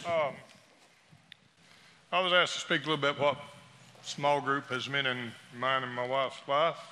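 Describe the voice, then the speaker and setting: A man in his sixties speaks candidly and earnestly to a church gathering, talking off the cuff rather than from notes. His voice has a bright, forceful edge. A long reverb from the hall trails his words. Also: medium pitch, fairly even intonation, a little slow. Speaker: church small-group member giving a talk. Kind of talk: off-the-cuff testimony.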